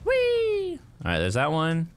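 A young man giving live commentary while playing a game, excitable and quick to cheer and yelp at close calls. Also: medium pitch, slight background noise. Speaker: gaming streamer.

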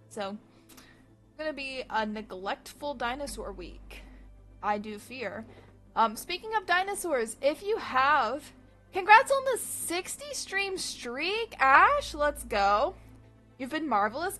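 Woman streamer, casual live chat, high voice, swings up and down a lot. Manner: chatty and animated, swears freely.

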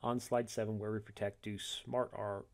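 A man walking through a software tutorial step by step, reading each instruction and then demonstrating it, correcting himself along the way. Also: fairly low pitch, level tone, moderate pace, creaky. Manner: methodical, reads steps then demonstrates, self-corrects.

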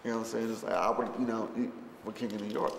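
Talking very fast with vocal fry and a fairly low pitch, this man recalls a film shoot over slight background noise in an echoey, long-reverb hall with faint ambience. His casual interview storytelling is rambling and profane, packed with fillers and restarts, and he acts out what others said.

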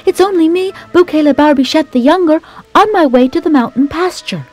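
Woman voicing a tiny storybook goat, squeaky, very high-pitched, pleading. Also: a little fast, a little mellow, soft background music, lightly acted. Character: tiny young billy goat, timid and pleading.

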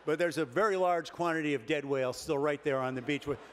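An older man delivers a comic keynote speech in a dry, deadpan way, leaning on pauses to land his jokes. His voice sits a little high, and it rings out with a long reverb through a large banquet hall over a faint hum of room noise. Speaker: keynote speaker.

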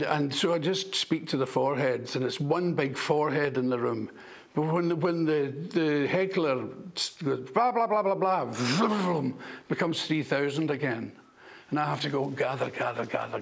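A man with a gravelly, husky voice tells stage stories with great animation. He swears freely and acts out shouted lines as he goes, a comedian looking back on his career. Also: a little high, measured pace. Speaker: stand-up comedian. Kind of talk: anecdote in a documentary interview.

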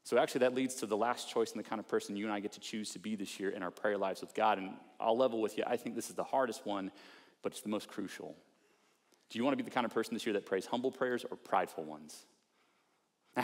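A male pastor preaching in a relaxed, conversational way, with pitch sitting in the middle of the range. He slips into acted-out prayers and mock self-talk to make his points. His voice carries a long reverb tail from a large church hall. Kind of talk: sermon.

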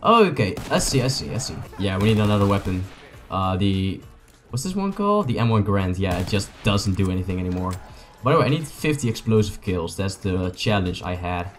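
A young man, a native Dutch speaker, gives excitable, joking, rambling commentary to his viewers as he plays a video game. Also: low voice, a little fast, faint music behind. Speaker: gaming YouTuber. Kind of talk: casual gameplay commentary.

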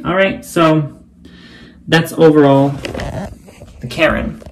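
A man vlogging casually while getting ready, chatty and playful, often dropping into quiet muttered asides. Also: on the high side, steady tone, takes it slowly, a little hiss or hum. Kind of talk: casual get-ready-with-me vlog.

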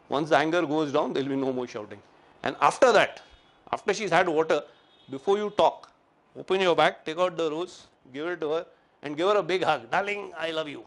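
A man's voice: on the high side, fairly bright tone. A middle-aged man gives a public talk on anger management, telling an anecdote and acting out the dialogue of the people in it. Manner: storytelling, acting out quoted dialogue.

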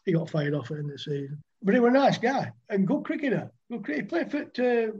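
A man's voice: sits high, sing-song, quick pace, a little mellow, husky, dull audio. An older man telling rambling cricket-club anecdotes in a casual chat, often laughing. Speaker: guest, former cricketer. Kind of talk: casual storytelling.

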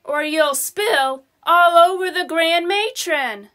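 A woman voicing an excitable nearsighted young princess in a storybook, exclaiming and lively. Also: very high voice, slow, exaggerated voice. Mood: excited.

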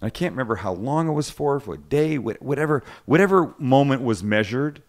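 Man, cooking show host, casual chat, jokey, rambling, mid pitch. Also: lively intonation, fairly quick. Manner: rambling, joking, self-interrupting. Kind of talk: casual chat on a live podcast.

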